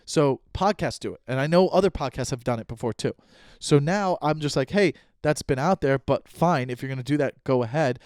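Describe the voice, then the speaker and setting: A man's voice: mid-range voice, a little fast, a little mellow, no room sound, studio quality. A man hosting his own podcast, telling a story in a heated, swearing way and acting out both sides of an argument. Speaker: podcast host and stand-up comedian. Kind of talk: casual solo podcast storytelling.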